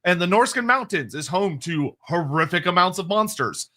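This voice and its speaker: A man co-hosting a casual livestream speaks at normal speed in a high, animated voice that sounds pushed and bright. He answers chat questions at length, rambling, restarting, and laughing often.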